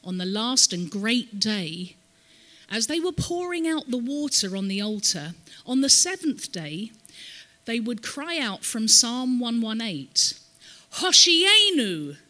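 A woman visiting a church as a ministry guest tells a story and teaches, having the audience repeat words back to her. Her voice is fairly high, bright and sing-song at a measured pace, with the long reverb of a church hall.

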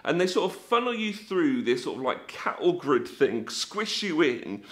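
A man giving an animated faith talk for families, telling stories and acting out scenes with sound effects. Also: on the high side, measured pace.

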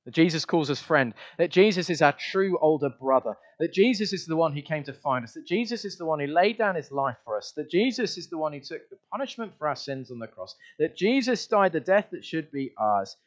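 A man delivers an emphatic sermon in a fairly high voice, leaning hard on repeated refrains. He shifts from loud declarations down to quiet asides. The recording sounds dull and lo-fi. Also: expressive, brisk, hardly any pauses. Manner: emphatic, repeats refrains, varies loudness widely. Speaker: preacher.

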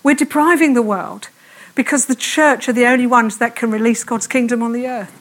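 A woman preaching a fervent sermon in church, speaking quickly and repeating her calls to prayer. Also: a little high, fairly even intonation.

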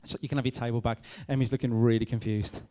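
A man, a youth pastor giving a lively talk to a youth group, checking in with them often. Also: mid-range voice, fast talker, noisy background. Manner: lively, addresses the group with frequent "okay?" checks. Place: room with a live youth audience.

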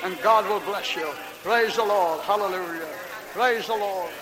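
Fervent high-voiced preacher in a reverberant hall. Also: male voice. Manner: fervent, drawn-out exclamations, speaks in tongues. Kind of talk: revival sermon and altar call. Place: church meeting hall.

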